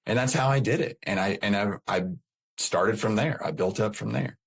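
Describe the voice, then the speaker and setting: A man's voice: on the low side, moderate pace, creaky, breathy edge. A middle-aged man, a podcast guest, telling his personal story in an earnest way, often repeating and restarting his phrases.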